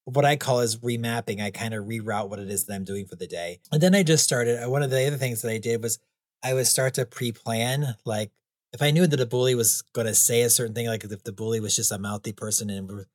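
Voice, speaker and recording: A man's voice: mid-range voice, fast, no room sound, studio quality. A man being interviewed as a guest clown and author, rambling easily with frequent chuckles and fillers. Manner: rambling, chuckles often, many "you know"s. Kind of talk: casual interview chat.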